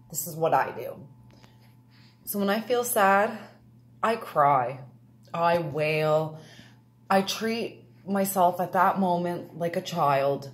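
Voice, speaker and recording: Earnest woman giving a personal talk. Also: lowish voice. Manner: earnest, confessional. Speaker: speaker.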